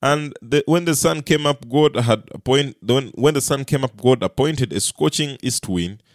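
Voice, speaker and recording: A man's voice: mid-range voice, normal speed, no echo. Earnest male preacher with dry sound. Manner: earnest, rises and falls in loudness for emphasis; repeats words and restarts while speaking. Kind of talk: sermon.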